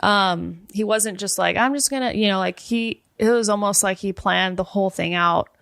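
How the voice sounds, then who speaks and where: A woman's voice: medium pitch, moderate pace, creaky, smooth, no room sound, clean studio sound. Chatty woman telling a story animatedly. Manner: animated storyteller, acts out quoted dialogue, fills with "like". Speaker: guest. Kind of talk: casual chat.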